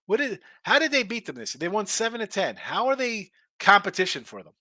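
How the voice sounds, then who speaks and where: A middle-aged man hosts a sports betting stream in a bright, forceful voice that sits a little high. He talks bluntly and rants with animation as he works through viewer comments. The sound is dry and close. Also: big pitch swings, fairly quick, dry recording. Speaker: sports betting show host. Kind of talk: casual live-stream chat reading viewer comments.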